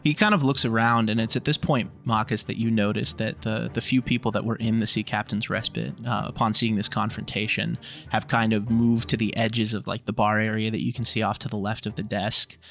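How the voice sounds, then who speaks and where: Man, game master, casual tabletop narration, relaxed filler words, faint music behind. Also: lowish voice, fairly quick, creaky.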